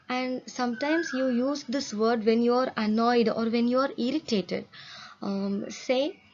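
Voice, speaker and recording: A woman's voice: a little high, a little mellow, dull audio, a little hiss or hum. A woman teaching an English lesson to children, explaining words patiently and asking her pupils questions. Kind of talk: explaining a textbook story to children.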